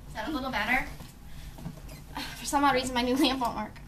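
A woman's voice: high voice, fairly even intonation, a little fast, fairly bright tone, slight background noise. A young woman, gushing and gasping through an unboxing vlog at home while talking to her small daughter. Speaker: beauty vlogger, mother. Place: home room.

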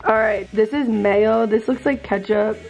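A woman's voice: medium pitch, fairly even intonation, measured pace, gravelly, a little mellow, dull audio. A young woman from California hosting a casual vlog, chatting playfully and teasing herself while she eats. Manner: playful, chatty, self-mocking. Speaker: vlogger host. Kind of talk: casual chat while eating. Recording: echoey room, mic far off, music playing behind.

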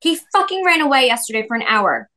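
A woman hosting a casual gossip chat, animated, blunt and swearing freely. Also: high-pitched, quick pace. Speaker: podcast host.

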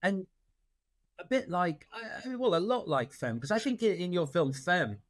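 A man's voice: high voice, sing-song, moderate pace, dry recording. Conversational male podcast host. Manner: conversational, lightly stumbling. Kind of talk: casual interview.

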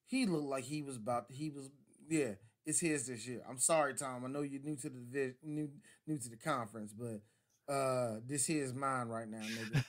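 A man co-hosting a casual sports podcast, animated and laughing often, acting out quick voices as he jokes about football. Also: mid-range voice. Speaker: podcast co-host.

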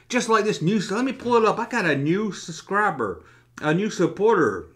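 The man here is a toy-collecting YouTuber going over comments in a laid-back vlog, full of sarcasm and free swearing. His voice is high-pitched, fairly bright, and sing-song, delivered at normal speed.

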